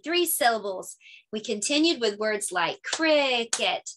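A woman teacher talking casually through her lesson ideas. She explains things chattily and sounds out words slowly when she demonstrates them. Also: a little high, lively intonation, background noise. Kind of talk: casual lesson-idea walkthrough.

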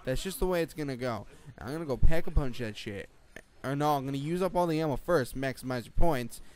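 A man's voice: mid-range voice, a little fast, a little mellow. A teenage boy giving rambling, jokey gameplay commentary late at night, swearing and jumping between topics. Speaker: gaming commentator.

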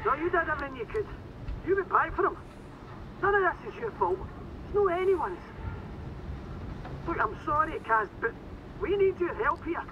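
Blunt scottish rig worker over a muffled hissy radio, high voice. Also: female voice, big pitch swings, normal speed, pauses often. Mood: consoling. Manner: blunt, urgent, swearing. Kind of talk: video game voice acting. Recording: muffled noisy radio line.

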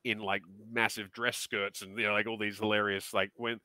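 Australian man, co-host, casual chat, animated, low voice, dry close sound. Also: moderate pace, no echo. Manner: animated, jumps into playful accent impressions.

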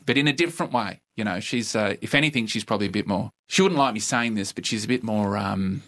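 A middle-aged Australian comedian telling stories in a podcast interview, with a laconic, dry and wry delivery. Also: male voice, on the low side, a bit bright. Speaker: comedian guest. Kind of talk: casual storytelling interview.

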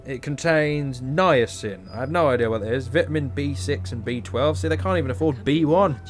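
Tired, joking gamer. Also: male voice, medium pitch, normal speed, soft background music. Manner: rambling, joking, talks to himself. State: tired, yawning. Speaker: gameplay commentator. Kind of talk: casual game commentary.

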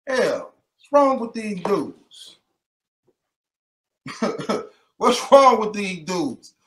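A man's voice: sits high, big pitch swings, very slow, pauses often, reverberant. A man delivering a mocking rant to the camera, taunting and repeating his jabs and breaking into laughter between them.

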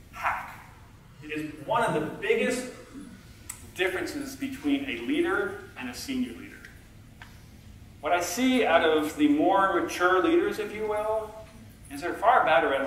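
A middle-aged man speaks from a conference stage in a slightly high voice, chatty and self-deprecating, and admits he is a low talker. The sound is distant and washes around a very echoey hall, with faint room noise underneath. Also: expressive, a little slow, a bit bright. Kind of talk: conference talk. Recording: echoey hall, heard from far off.

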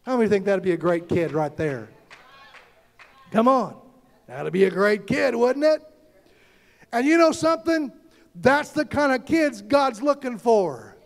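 A pastor, preaching fervently and calling out to the congregation. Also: male voice, extremely high pitch, animated, a little slow, creaky, long pauses. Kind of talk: sermon.

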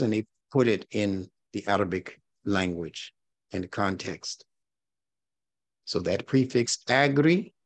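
A man's voice: lowish voice, dry recording. A man teaching a recorded religious class, who challenges his listeners with rhetorical questions and repeats his key points. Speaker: religious instructor.

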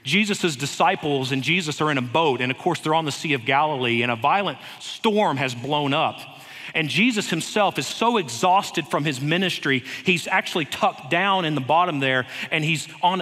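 A man preaching a sermon in a church, earnest and unhurried, with light touches of humor. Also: a little high, sharp tone. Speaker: head of school preaching. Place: church sanctuary. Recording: long reverb of a church hall.

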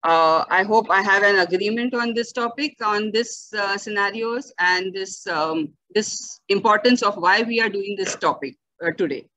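A woman's voice: mid-range voice, normal speed, few pauses, pushed and bright, poor audio. A woman lecturing on a video call, explaining terms step by step with frequent "okay" and "uh" fillers. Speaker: lecturer on bioethics. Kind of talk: online lecture. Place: home or office, virtual webinar. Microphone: computer mic on a video call.

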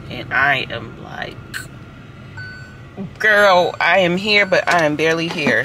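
A woman vlogging on her phone in a casual, animated way, calling her viewers girl, honey and y'all. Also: on the low side, poor audio. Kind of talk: casual vlog chat. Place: in a car and at home. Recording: loud background noise.

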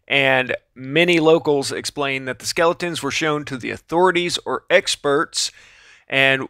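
A man's voice: mid-range voice, fairly bright tone, clean tone, no echo, clean studio sound. A man casually narrating a video, with offhand, sarcastic asides.

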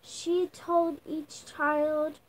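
A woman's voice: high-pitched, flat delivery, drawn-out words, a little hiss or hum, poor audio. A young girl reading a picture book aloud at home, sounding out words with restarts. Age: child. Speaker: young reader.

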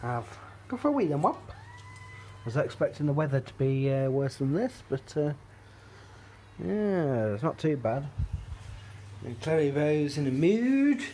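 A man's voice: a little high, big pitch swings, unhurried, pauses often, warm tone, a little hiss or hum. A British man vlogging casually at home on a handheld phone, rambling with lots of fillers and restarts. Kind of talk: casual daily vlog chat. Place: at home, indoors.

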